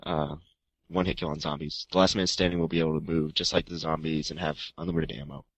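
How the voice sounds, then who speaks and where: A man's voice: rumbling low, lively intonation, fast talker, vocal fry, a bit bright, no room sound, lo-fi sound. A man co-hosting a gaming podcast, chatting casually and laughing. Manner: reads listener mail, jokes around. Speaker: podcast co-host. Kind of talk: casual chat.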